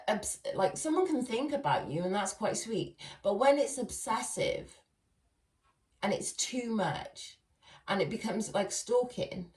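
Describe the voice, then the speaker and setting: A woman doing a casual tarot reading, chatty and laughing often as she talks to her viewers. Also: medium pitch. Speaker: tarot reader. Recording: echoey room, far from mic.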